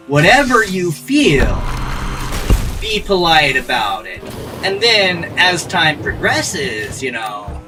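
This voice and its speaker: A man's voice: high voice, very animated, slow pace, distant mic. A man in his thirties chatting casually as a gaming streamer, rambling, blunt and profane. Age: 30s. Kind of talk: casual off-the-cuff chat. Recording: voice a little off-mic with faint music. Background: faint music.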